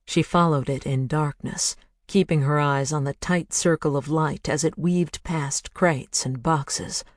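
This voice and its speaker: A narrator reads a thriller at an unhurried pace, measured and hushed. The recording is close and dry, with no room sound. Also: medium pitch, fairly even intonation, no room sound. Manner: measured, hushed, building to intense. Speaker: audiobook narrator.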